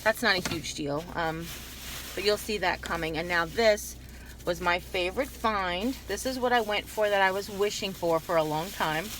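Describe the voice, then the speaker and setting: A woman vlogger chatting through a store haul in a loose, digressive way, cutting herself off and circling back. Her voice is bright and sits at an ordinary pitch. A faint background noise runs under the recording. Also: moderate pace. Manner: chatty, digressive, self-interrupting. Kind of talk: casual rambling haul video.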